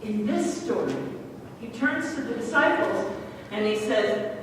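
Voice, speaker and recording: A woman pastor giving a sermon, telling a scripture story with lively acted-out bits. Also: mid-range voice, measured pace, background noise. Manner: lively storytelling, acting out the scene. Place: large church sanctuary. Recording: distant mic in echoey hall.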